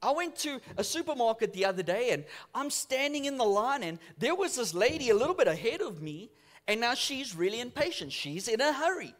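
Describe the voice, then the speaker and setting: A man preaching a sermon as a church pastor, telling stories and swinging from loud to hushed. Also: very high voice, sing-song, fairly quick. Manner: storytelling, acts out voices in quotes, swings from loud to hushed.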